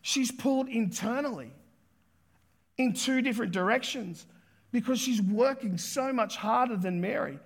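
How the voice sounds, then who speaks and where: A pastor preaching a sermon with emphatic delivery, repeating key words and acting out quotes. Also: male voice, extremely high pitch, moderate pace, vocal fry, husky.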